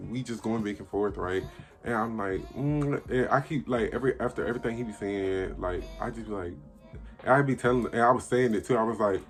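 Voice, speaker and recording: An eighteen-year-old man casually telling a story to camera, blunt and profane, acting out what people said. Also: on the low side. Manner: blunt, profane, acts out quoted dialogue. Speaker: vlogger.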